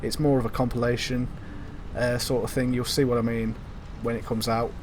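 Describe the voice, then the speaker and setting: A young man chatting casually while he plays a video game. His talk rambles along with lots of ums and a few swear words, in a middle-pitched voice. Faint noise sits behind him. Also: level tone, brisk. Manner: rambling, filler-heavy, sweary. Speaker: gaming channel host. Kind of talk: casual gameplay commentary.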